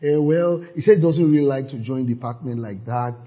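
A man preaching a sermon, lively and playful, acting out church members in mocking voices. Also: medium pitch, fairly quick, muffled recording. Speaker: pastor.

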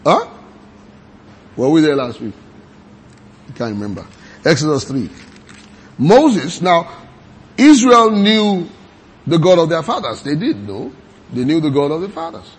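A man preaching a sermon, reading scripture aloud slowly and quizzing his congregation with repeated questions. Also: fairly high pitch, big pitch swings, a little hiss or hum.

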